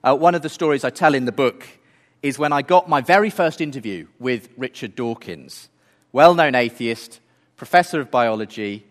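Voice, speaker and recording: A man's voice: medium pitch, moderate pace, big-room sound. A man giving an earnest talk, building his case through rhetorical questions. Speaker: speaker. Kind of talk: apologetics talk.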